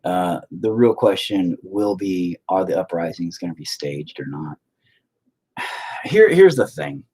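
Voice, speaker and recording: A young man talks loosely to his viewers, full of swearing and tangents. His voice sits low with a husky grain. It swings up and down a lot as he rambles. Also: takes it slowly. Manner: rambling, profane, animated. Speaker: livestreamer painting while chatting. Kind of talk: casual stream chat. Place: home, indoors.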